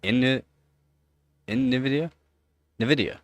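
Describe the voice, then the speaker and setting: A Canadian man hosting a casual live stream, talking in a steady mid-range voice. He rambles and circles back on his points, getting louder and higher when he argues them. The sound is dry and close, with no room around it. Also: slow pace, dry recording. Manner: rambling, animated, repeats himself for emphasis. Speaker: livestream host.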